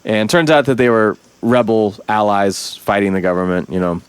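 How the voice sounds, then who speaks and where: A man co-hosting a podcast, talking casually about a film in an animated way, swearing now and then and slipping into quoted lines. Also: fairly low pitch, normal speed, smooth, dry recording. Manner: animated, profane, breaks into quoted voices. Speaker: podcast host.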